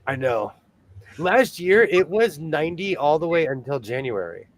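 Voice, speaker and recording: Chatty man with a higher voice. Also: moderate pace. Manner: chatty, animated, laughs often. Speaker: host of a sewing livestream. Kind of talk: casual livestream chat.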